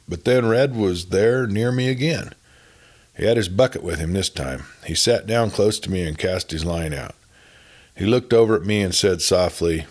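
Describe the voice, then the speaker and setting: Deep, husky male storyteller. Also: expressive. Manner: folksy, unhurried, starts sentences with "well". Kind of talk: spoken story narration.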